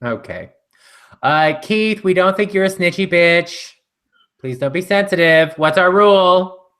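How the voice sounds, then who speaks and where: Male co-host, bright tone, rambling chatty delivery full of fillers. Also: sits high, animated, measured pace. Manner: rambling storyteller with many fillers. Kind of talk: casual live chat.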